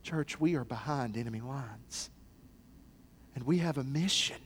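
A male pastor preaching a sermon, dropping to quiet low passages and rising to loud, excited, shouted ones, acting out the people in the parables. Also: measured pace, slight background noise.

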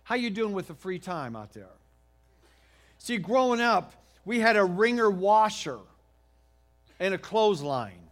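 A middle-aged American man preaching a sermon, telling a homey story in a folksy, animated way with frequent restarts. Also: sits high. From United States. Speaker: pastor.

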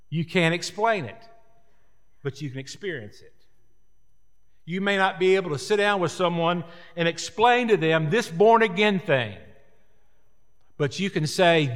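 Preacher in a reverberant hall. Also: male voice, on the high side, fairly bright tone. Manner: earnest, repetitive preaching cadence. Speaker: pastor. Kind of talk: sermon.

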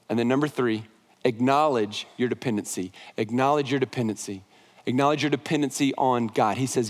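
A male pastor preaching a sermon in a conversational way, often repeating words and restarting phrases. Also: on the high side. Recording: long hall reverb.

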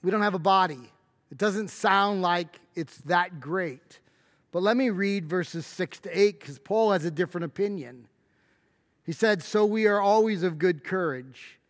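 High-voiced preacher in a reverberant hall. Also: male voice, unhurried. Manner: emphatic preaching, rising to shouted stresses. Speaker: pastor. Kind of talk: sermon.

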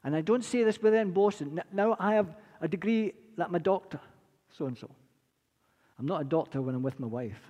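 A man in his sixties preaching a sermon, earnest and repetitive, rising from quiet to impassioned. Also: on the high side, a little fast, lo-fi sound. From Britain. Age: 60s. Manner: earnest, building from quiet to impassioned, repeats phrases. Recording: long reverb of a large hall.

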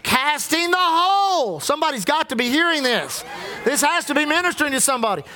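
A man's voice: extremely high pitch, big pitch swings, brisk, bright, forceful tone. A man preaching a sermon as pastor, impassioned and repetitive, drawing out emphatic lines.

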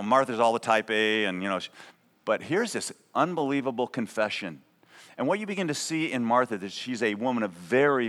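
A man's voice: mid-range voice, pushed and bright. A man preaching a sermon as pastor, conversational and emphatic, often checking in with a "right?". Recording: long reverb of a large hall.

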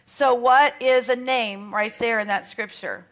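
Aussie lady bible teacher, kinda high voice, chatty, reads verses between bits. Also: steady tone, measured pace. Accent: Australian. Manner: chatty, with light self-mocking asides; reads scripture aloud between remarks. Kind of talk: conversational teaching.

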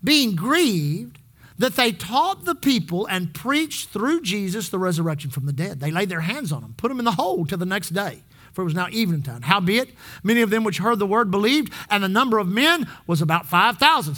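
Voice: mid-range voice, sing-song, fairly quick, a bit bright. A pastor preaching a sermon in church, calling on the congregation to repeat phrases back. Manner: exhorting, call-and-response with the congregation.

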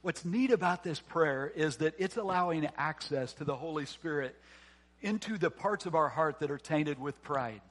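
A man with a notably high voice preaches a sermon as pastor. He asks the congregation questions and answers them himself, climbing to fervent, emphatic peaks before falling back to hushed, quiet phrases. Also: animated, normal speed. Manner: earnest preaching with rising emphatic builds and soft drops.

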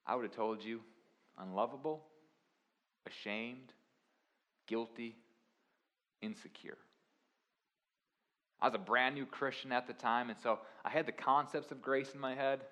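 A young man preaching a sermon, swinging from quiet confessional lines to loud, emphatic preaching. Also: mid-range voice. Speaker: pastor.

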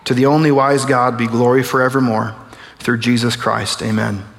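A man's voice: medium pitch, level tone, moderate pace, gravelly. A young man preaching a conversational sermon as pastor, joking and acting out small everyday scenes. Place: church. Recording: long reverb of a large hall.

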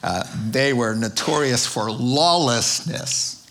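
A man's voice: medium pitch, slow, fairly bright tone. Man preaching a conversational sermon. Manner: conversational preaching with fillers and restarts. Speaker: pastor.

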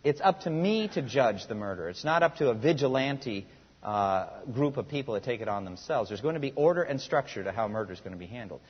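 With a husky, medium-pitched voice, this male pastor speaks briskly and expressively through a sermon, questioning the congregation rhetorically and reading scripture with climbing emphasis. It's a muffled recording in an echoey hall.

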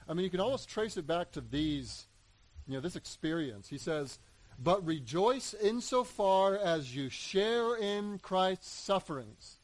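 A man preaching a sermon, animated, acting out voices in the story and building to emphatic peaks. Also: fairly high pitch, dry recording, rough recording. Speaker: pastor.

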